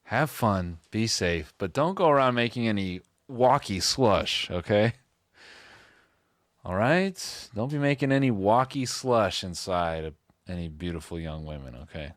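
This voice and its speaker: A clumsy middle-aged dad giving his teenage son a talk, reaching for slang that doesn't fit him , as a man puts him on. He speaks low, in a hushed, slow and fumbling way, with little crispness. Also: expressive, no echo, studio quality. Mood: awkward. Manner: fumbling, tries too hard to sound hip.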